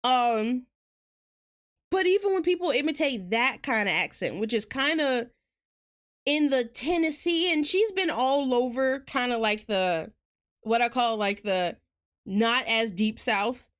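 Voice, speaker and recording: A woman with a Southern US accent, fairly high-pitched, talking fast in a loose, rambling way as she streams a game. She laughs often between thoughts. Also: animated, a bit bright. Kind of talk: casual gaming chat.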